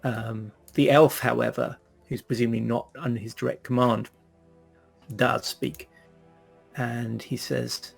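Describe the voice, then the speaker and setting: A man narrating a tabletop game as game master in a relaxed, halting way. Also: mid-range voice, creaky, breathy edge, faint music behind.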